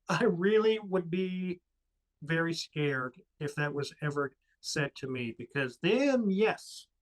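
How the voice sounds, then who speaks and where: A man's voice: fairly high pitch, rough recording. A man co-hosting a casual podcast discussion, speaking earnestly and with emphasis. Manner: earnest, emphatic about faith. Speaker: co-host.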